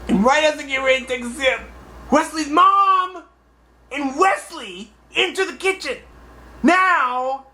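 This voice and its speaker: A young man telling a comic personal anecdote in an animated, exaggerated way. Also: extremely high pitch, a little slow, slight background noise. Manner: animated, exaggerated, acts out voices. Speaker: storyteller.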